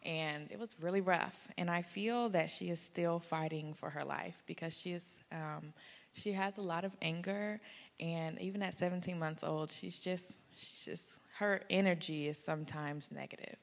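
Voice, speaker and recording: A woman's voice: on the low side, normal speed, creaky. A young woman sharing a personal testimony on a church stage, earnest with small nervous laughs. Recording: hall reverb.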